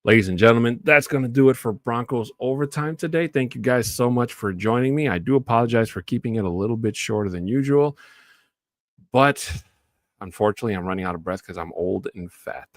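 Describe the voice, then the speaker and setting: A man hosting a solo sports talk show, chatting casually about the week's games and breaking into loud, enthusiastic shout-outs. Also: mid-range voice, brisk, dry recording.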